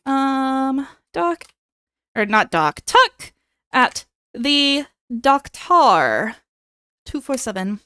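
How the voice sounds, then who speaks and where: Bubbly high-voiced woman streamer. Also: very animated, very slow, sharp tone, clean tone, dry recording, studio quality. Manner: playful, dramatic begging bits. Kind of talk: casual live-stream chat with viewers.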